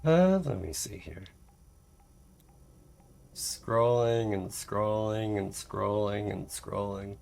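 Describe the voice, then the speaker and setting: A man's voice: on the low side, slow, creaky, long pauses, a little mellow. A man streaming a game live, chatting casually in a rambling, self-mocking way and laughing often.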